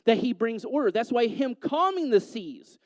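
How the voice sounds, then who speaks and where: Guy preaching a sermon, pretty high voice, lots of questions, acts out the voices, dry close sound. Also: normal speed, no echo. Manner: animated, rhetorical questions, acts out quoted voices.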